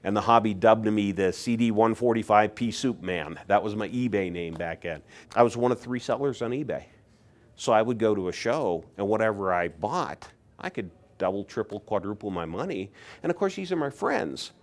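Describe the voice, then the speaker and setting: A man in his sixties from Pennsylvania recounts his collecting days in a relaxed, conversational way. His voice sits a little low, and he gets animated whenever he acts out what other people said. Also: normal speed. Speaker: insulator collector. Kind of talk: casual storytelling.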